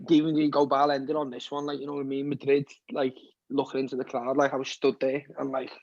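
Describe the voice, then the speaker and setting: A man's voice: medium pitch, no echo. Scouse musician in his twenties, podcast guest, loose rambling chat, swears freely, dull lo-fi sound. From Liverpool, England. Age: 20s. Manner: rambling, keeps saying "you know what I mean", swears often. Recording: dull, dry lo-fi podcast audio.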